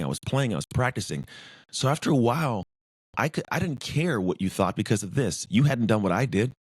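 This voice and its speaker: Low-voiced guy, intense and emphatic, piles up repeated phrases, dry close sound. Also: husky, dry recording. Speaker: podcast guest, former pro football player. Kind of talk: casual interview talk.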